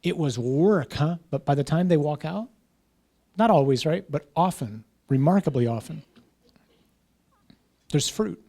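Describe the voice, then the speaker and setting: A man's voice: fairly high pitch, expressive, a little slow, pauses often, mellow. A man, a parish priest, teaching a class in an informal conversational way, often checking in with "right?" and "huh?".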